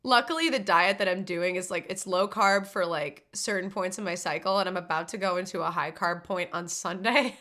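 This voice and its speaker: Bright-voiced woman chatting on a stream. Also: lowish voice, moderate pace. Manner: slangy and loose, heavy on "like" and "dude"; swears casually. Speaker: live streamer ranking movies. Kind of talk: casual live-stream chat.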